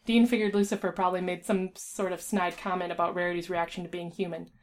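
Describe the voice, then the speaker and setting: A woman's voice: fairly low pitch, flat delivery, quick pace. A woman reading a fan story aloud, stumbling and restarting now and then. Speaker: fan fiction reader. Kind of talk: casual reading aloud with voices.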